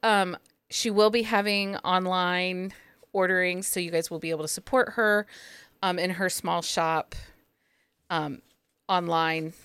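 A woman's voice: on the low side, steady tone, unhurried, a bit bright, smooth, no echo. A woman hosting a podcast in casual chat, chatty and laughing often. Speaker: podcast host.

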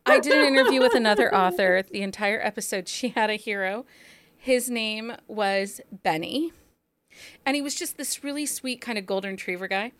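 A woman in her forties hosting a podcast interview, chatty and quick to laugh at herself. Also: mid-range voice, fairly bright tone. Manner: chatty, laughs often, self-deprecating. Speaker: podcast host.

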